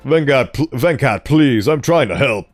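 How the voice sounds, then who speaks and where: Man voicing a calm, gentle psychologist. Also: medium pitch, unhurried, faint music behind. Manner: gentle, soothing questioning. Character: calm, patient male clinical psychologist.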